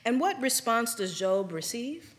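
A woman preaching a sermon, slow and deliberate, with dramatic pauses between phrases. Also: a little high, very animated. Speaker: pastor.

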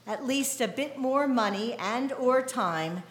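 A middle-aged American woman pastor preaching a sermon in a measured, deliberate way. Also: a little high, expressive, roomy sound. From United States.

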